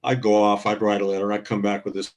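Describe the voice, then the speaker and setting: A man in a casual discussion, speaking in a measured, reflective way with frequent fillers. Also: on the low side, monotone. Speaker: guest commentator.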